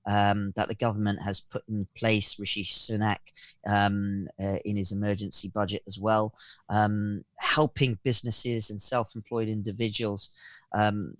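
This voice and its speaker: A man's voice: lowish voice, level tone, dry recording. A man explains business schemes on a radio interview, stumbling through fillers and false starts. He sounds close and dry on a studio microphone. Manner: halting, many fillers and restarts. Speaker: accountant guest.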